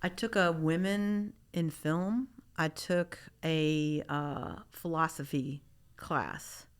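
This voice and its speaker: A woman's voice: low-pitched, fairly even intonation, takes it slowly, smooth. A middle-aged woman artist from Memphis, talking casually in an interview, rambling with many restarts. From Memphis, Tennessee. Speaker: artist guest.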